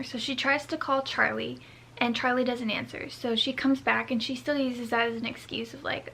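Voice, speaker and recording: Young woman book vlogger, bright and slightly high, rambling casual chat. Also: flat delivery, moderate pace, creaky, a little hiss or hum. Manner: rambling, scattered, self-mocking asides. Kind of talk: casual reading vlog chat.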